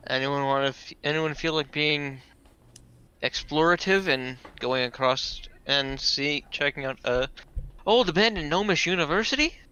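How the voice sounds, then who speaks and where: A man's voice: fairly high pitch, moderate pace, bright, forceful tone, clear, resonant tone, lo-fi sound. A man playing a tabletop game, talking in an easygoing, joking way. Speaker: player. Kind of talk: casual tabletop game chat.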